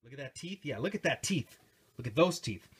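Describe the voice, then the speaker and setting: A middle-aged man giving a casual, excitable hands-on toy review, rambling and chatting to his viewers. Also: mid-range voice, fairly quick, very noisy. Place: home recording station.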